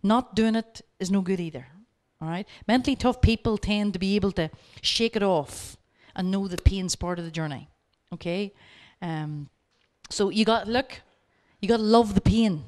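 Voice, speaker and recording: Woman telling lively workshop anecdotes. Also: mid-range voice, normal speed, few pauses. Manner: lively anecdotes, acting out both sides of the dialogue; direct, coaching asides to the audience. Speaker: workshop speaker. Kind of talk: storytelling lecture.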